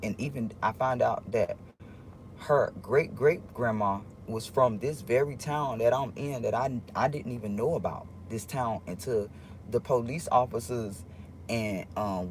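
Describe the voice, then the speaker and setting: Man, mid pitch, casual livestream talk: rambling, halting, confiding with viewers, faint background hum. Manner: rambling, halting, with many restarts; earnest, confiding tone addressing viewers.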